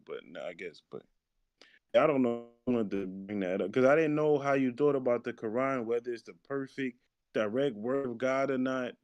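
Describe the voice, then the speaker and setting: A man's voice: medium pitch, darkish tone, dry recording. An American man hosting a casual religious debate, questioning in an earnest, conversational way. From United States. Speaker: host. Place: New York.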